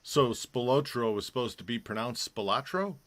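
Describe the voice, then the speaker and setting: A man's voice: mid-range voice, animated, normal speed, fairly bright tone. A man hosting a live online show, chatting casually and rambling with many fillers and restarts. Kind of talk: casual live-stream chat.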